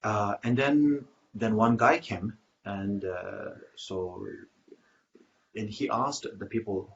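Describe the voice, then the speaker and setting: A lower-voiced man gives a Buddhist dharma talk, pausing often with fillers and restarting his phrases. The recording is muffled and lo-fi. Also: slight background noise. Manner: halting, many fillers and restarts. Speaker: Buddhist teacher.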